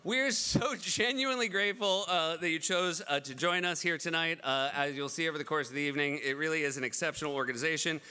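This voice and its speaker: Bright, crisp man hosting with dry comedy. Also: a little high, fast talker, hardly any pauses. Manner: dry, self-deprecating, animated storytelling. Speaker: event host. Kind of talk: stand-up style benefit hosting. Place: large event hall.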